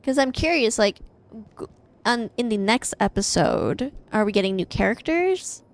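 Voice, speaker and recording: A woman's voice: a little high, animated, normal speed. A young woman from the American Midwest, chatting casually and rambling while she streams a game from home, swearing freely and laughing often. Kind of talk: casual live-stream chat while gaming. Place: home, indoors.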